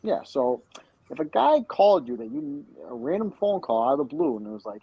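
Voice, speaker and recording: A man's voice: a little high, big pitch swings, a little fast, slightly rough, dry recording, lo-fi sound. A man hosting a podcast, telling a rambling, profane and spiteful story in crude casual banter. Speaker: podcast host.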